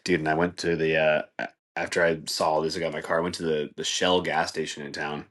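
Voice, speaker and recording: Male podcast host, deep low voice, laid-back rambling comedic monologue. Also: flat delivery, quick pace, a bit bright. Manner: rambling, laid-back, says "dude" and "like" a lot, laughs at his own jokes.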